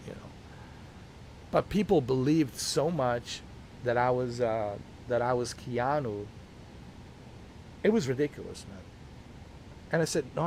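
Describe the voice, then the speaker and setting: A male gaming streamer talks in casual, rambling chat. His voice sits at a middle pitch, and he often restarts his sentences and pushes his point. A faint hum runs behind him. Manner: rambling and insistent, with many restarts.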